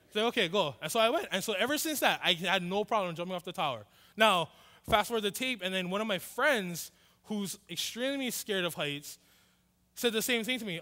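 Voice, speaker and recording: Male pastor, high voice, animated storytelling sermon, echoing church hall. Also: a little fast. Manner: animated, acts out both sides of dialogue.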